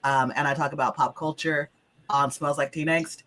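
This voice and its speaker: A woman hosting as game master, her voice lower than usual because she is sick, in a chatty opening. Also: fairly even intonation, moderate pace, fairly bright tone. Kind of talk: casual stream opening.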